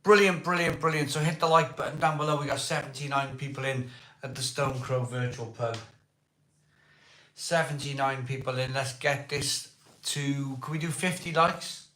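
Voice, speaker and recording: A Welsh man with a voice hoarse from a cold, hosting a casual live stream, greeting viewers by name and asking for likes. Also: mid-range voice, sharp tone. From Wales. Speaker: livestream host. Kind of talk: casual live chat reading viewer comments. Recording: echoey room.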